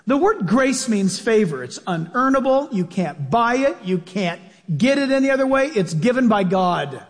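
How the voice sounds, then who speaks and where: A man's voice: sits high, very animated, moderate pace. A man preaching a sermon as a pastor, in an emphatic, conversational manner with repeated phrases, in a church. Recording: long reverb of a large hall.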